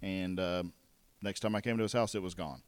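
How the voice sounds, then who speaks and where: A young man chats casually and tells a story in a relaxed, joking way, with crude humor and easy laughter. His voice sounds close and dry, with no room echo. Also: sits low, fairly quick, clean tone. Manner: laid-back storytelling, crude jokes, frequent laughs. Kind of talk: casual chat.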